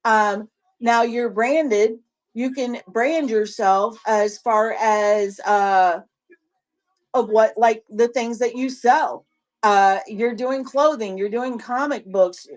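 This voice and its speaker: A woman's voice: a little high, slow pace. A woman with a Southern US accent on a casual livestream, coaching other sellers in a rambling way, often repeating herself and restarting.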